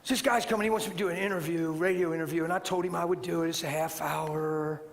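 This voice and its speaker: A preacher man tells a story from the pulpit, animated and climbing to shouts. His voice sits high. It rings with long hall reverb over faint noise. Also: fast talker, gravelly. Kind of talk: sermon storytelling.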